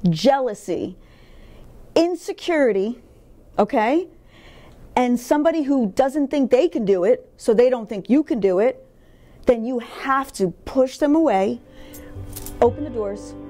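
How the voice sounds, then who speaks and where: Her voice on the high side and dark in tone, a middle-aged interviewee recounts her life story frankly and forcefully, swearing liberally along the way.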